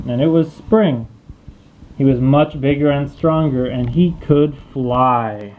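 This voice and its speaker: A man reading a children's storybook aloud, clear and expressive. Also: mid-range voice, takes it slowly, phone-quality sound, slight background noise. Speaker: storybook reader.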